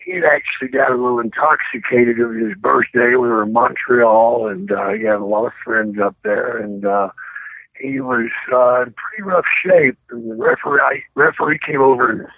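A man's voice: medium pitch, moderate pace, creaky, husky, no room sound. An older man, a former pro wrestler, telling rambling stories as a guest and acting out other people's voices. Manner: rambling, animated anecdotes with acted-out voices. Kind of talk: casual storytelling by phone. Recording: tinny phone line.

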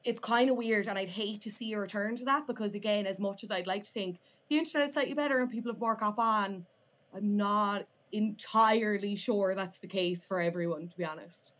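A woman's voice: mid-range voice, a little fast, a bit bright. A young woman with an Irish accent, chatting as a podcast guest, her talk full of "like" fillers. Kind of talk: casual chat.

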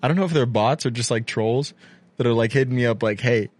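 A young man hosting a podcast in relaxed casual chat, laughing often. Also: medium pitch, quick pace, dry recording. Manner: laid-back, laughs often. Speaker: podcast host.

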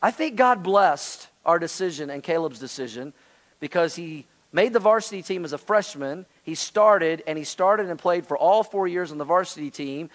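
A man's voice: fairly high pitch, expressive, normal speed. A man in his forties, a pastor, preaching a sermon in an earnest, conversational way to his congregation. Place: church sanctuary.

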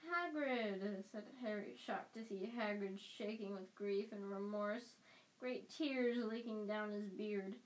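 A woman's voice: mid-range voice, little pitch movement, unhurried, a little mellow, low-quality recording. A woman reading a novel aloud in an unpolished way, often stumbling and starting a phrase over. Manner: unpolished, frequent restarts. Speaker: audiobook reader.

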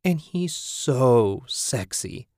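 A man's voice: medium pitch, sing-song, slow, darkish tone, dry recording, studio quality. A man voicing a gushing young female college music fan in an audiobook, squealing and emphatic.

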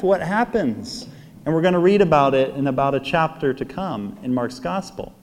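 A man's voice: a little high, darkish tone. A man preaching a sermon at mass in a conversational style, often checking in with his listeners by asking "right?". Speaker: priest. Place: church. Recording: long church reverb.

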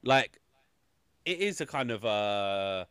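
Man, casual podcast chat, exasperated, lively pitch, dry sound. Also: slow pace, clear, resonant tone, no room sound. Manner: animated, exasperated, swears a lot. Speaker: film review podcast host.

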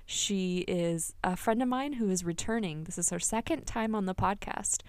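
A woman's voice: mid-range voice, normal speed, darkish tone, clean tone, dry recording. A woman hosting a podcast, talking candidly and with lots of energy, swearing freely and often laughing, recorded on a single microphone in a small closet. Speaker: podcast host. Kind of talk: casual podcast monologue.

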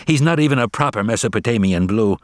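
A man's voice: fairly low pitch, expressive, fast, no echo, studio quality, lightly acted. A man voicing an arrogant, bullying big brother tomcat who sneers and threatens. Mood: menacing. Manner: sneering, menacing.

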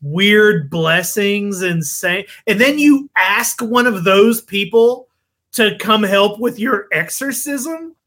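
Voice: medium pitch, expressive, slow pace, fairly bright tone. A podcast co-host in casual chat, sounding incredulous and jokey.

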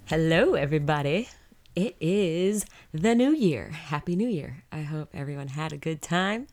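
Low-voiced congested woman podcast host. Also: normal speed, faint music behind. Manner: energetic, upbeat and chatty. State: congested with a cold. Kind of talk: motivational podcast monologue.

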